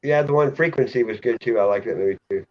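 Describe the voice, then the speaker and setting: A man's voice: mid-range voice, fast. A man hosting a casual live chat, joking crudely and laughing often. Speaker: channel host. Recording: muffled lo-fi audio.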